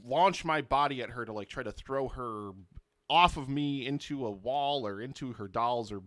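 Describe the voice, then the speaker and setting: Guy rambling through his move in a story game, bright dry voice, lots of restarts. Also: medium pitch, normal speed, no room sound. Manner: rambling, hesitant, restarting thoughts. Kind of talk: casual chat.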